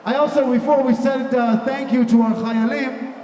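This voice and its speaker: A high-pitched young man emcees a huge live event, shouting cheerful banter through a handheld mic. His voice rings from a distance through a big echoing hall. Music and a loud crowd fill the space behind him. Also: steady tone, fast, slight background noise. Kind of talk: live stage hosting with crowd work. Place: large indoor hall with a big audience. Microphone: handheld microphone.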